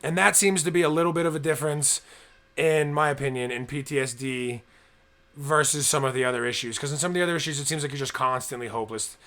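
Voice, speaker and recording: A man's voice: mid-range voice, fairly even intonation, fast, bright, forceful tone. A young man co-hosting a casual podcast, talking earnestly and at length, acting out people's inner thoughts as he goes. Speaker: co-host.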